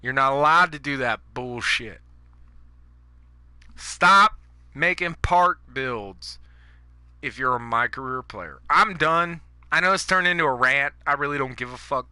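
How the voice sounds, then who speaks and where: A man's voice: mid-range voice, fairly quick, sharp tone, clean tone, no echo. A man giving angry, profane commentary over his own gameplay, ranting at the audience. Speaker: gaming YouTuber.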